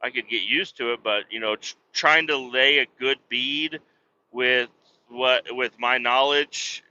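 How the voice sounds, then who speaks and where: A man's voice: medium pitch, fairly even intonation, unhurried, bright, forceful tone, muffled recording, slight background noise. A middle-aged man hosting a podcast, rambling casually, swearing a lot and laughing at himself. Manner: profane, self-deprecating, laughs often. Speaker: podcast host.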